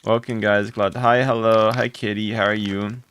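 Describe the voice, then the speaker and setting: A young man streaming live, greeting his chat and thanking viewers for gifts, with his voice jumping high when he gets excited. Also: normal speed, clear, resonant tone. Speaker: livestreamer. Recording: music playing behind.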